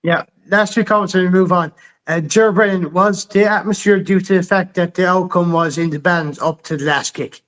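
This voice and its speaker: A man's voice: sits high, fairly even intonation, moderate pace, fairly bright tone. A man with a Kerry accent hosting a sports chat, dry and teasing as he moves the talk along. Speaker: podcast host.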